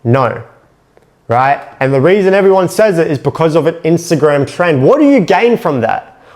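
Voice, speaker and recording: A man's voice: a little high, big pitch swings, moderate pace, darkish tone. A man coaching sales in a blunt, profane, emphatic monologue.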